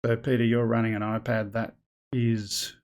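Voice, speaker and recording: A man chats through a live stream in a loose, rambling way, thinking aloud as he goes. His voice sits at an ordinary middle pitch for a man. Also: flat delivery, normal speed. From Australia. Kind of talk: casual live stream chat.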